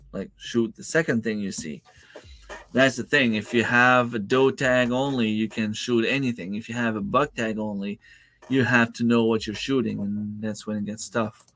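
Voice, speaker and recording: Low-voiced man chatting on a livestream. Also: a bit bright, no room sound. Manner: chatty, rambling with many fillers and restarts. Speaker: livestream host. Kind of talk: casual live-chat reading comments. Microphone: desk microphone.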